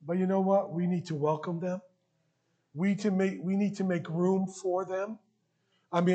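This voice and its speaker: A pastor with a mellow, fairly high voice preaches a sermon in a church sanctuary. He is earnest and openly emotional, building toward emphatic, rising questions.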